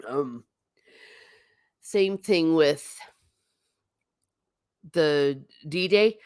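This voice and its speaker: A woman's voice: low voice, drawn-out words, darkish tone, clean tone, dry recording, studio quality. A woman from the United States hosting a casual livestream, chatting and rambling, reading viewer comments aloud and laughing often. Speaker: livestream host reading chat.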